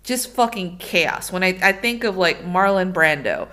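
A woman's voice: on the low side, expressive, measured pace, pushed and bright. A woman co-hosting a film podcast, talking frankly and casually, with the occasional swear word. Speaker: podcast co-host.

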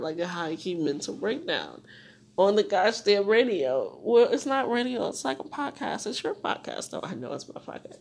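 A young woman hosting a solo podcast, talking to herself and rambling with lots of swearing, dropping to whispers and rising to loud venting. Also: mid-range voice, vocal fry. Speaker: podcast host.

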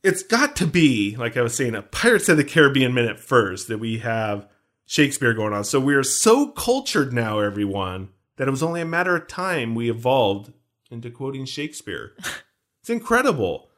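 A man's voice: mid-range voice, big pitch swings, normal speed, fairly bright tone. Guy on a podcast, casual film chat, goes on tangents, pokes fun at himself. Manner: jokey, rambling, self-mocking. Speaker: podcast co-host.

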